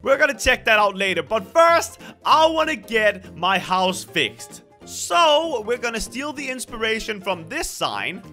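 A young man hosting a gameplay video, commentating in an excitable, dramatic way. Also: high voice, measured pace, few pauses, soft background music. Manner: excitable, dramatic, shrieks at scares. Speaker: gaming video host.

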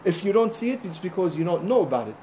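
A man, a rabbi, gives an informal sermon in a chatty storytelling manner. His voice sits a bit high and sounds warm and mellow, with a faint hum of room ambience behind it. He keeps breaking in with "you know" and slips into the voices of the people in his stories. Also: quick pace. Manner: animated storyteller, acting out conversations; conversational, frequent "you know" asides.

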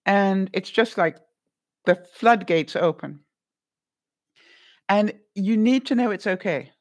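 A woman's voice: mid-range voice, animated, slow. Chatty middle-aged woman on a live stream. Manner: chatty, repeats words, laughs often; gentle, comforting advice on grief. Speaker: vlogger answering live chat. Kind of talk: casual live-stream chat.

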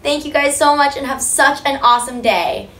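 A woman's voice: sits high, expressive, moderate pace, reverberant. A woman hosting a children's drawing segment, signing off to kids in an upbeat way. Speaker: children's drawing show host.

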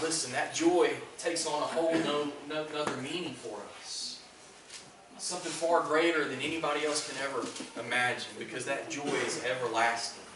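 A man's voice: medium pitch, distant mic. Male pastor preaching earnestly, recorded from afar in a very echoey church with background noise. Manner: earnest preaching, repeats "listen" for emphasis. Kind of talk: sermon. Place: church sanctuary.

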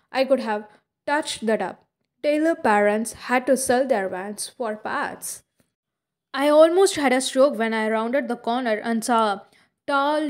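A woman reading a first-person novel aloud as an audiobook, in a halting way with frequent slips. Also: on the high side, a little mellow. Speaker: audiobook reader.

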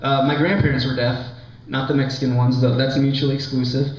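In a distant, echoey college lounge recording with dull lo-fi quality, a young comic delivers a rambling, self-mocking stand-up set packed with likes and ums to a laughing crowd. His medium-pitched voice is a bit quick and fairly flat.

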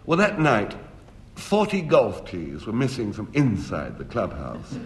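A male radio comedy panelist tells a long comic story. His voice sits low but swoops widely, and his delivery stays wry and deadpan. He lets the pauses land before each punchline.

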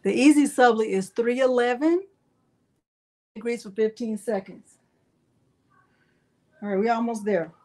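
A woman's voice: a little high, a little slow, pauses often, dark tone. A woman hosting a live crafting tutorial, chatty and playful as she jokes with her viewers. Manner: chatty and playful, joking with chat. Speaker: crafting channel host.

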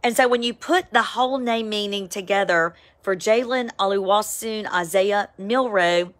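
A woman, giving a casual, emphatic spoken devotional, with sudden excited high cries. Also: moderate pace. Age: 50s. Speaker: Christian devotional vlogger. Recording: home, with a siren outside.

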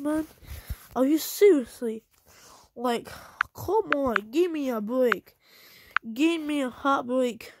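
Angry young woman ranting, slow. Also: high voice, darkish tone, no room sound. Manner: angry, repetitive, scolding. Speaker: video maker. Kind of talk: angry rant at the camera.

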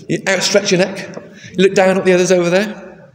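A man's voice: high voice, fairly even intonation, fast. A man preaching a sermon in a conversational way, asking the congregation questions. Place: large church. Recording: echoey church with long reverb.

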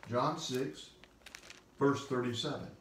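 A male pastor giving an emphatic devotional sermon, stressing repeated phrases and slowing on key words. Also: mid-range voice, a bit bright, far from the mic, slight background noise. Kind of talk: devotional sermon teaching from scripture. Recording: roomy sound, speaker away from the mic.

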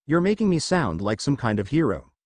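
Lively male storyteller, dry close mic. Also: medium pitch, fairly quick, no echo. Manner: lively reading with small shifts for each character. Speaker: fan fiction narrator. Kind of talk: audiobook-style story reading.

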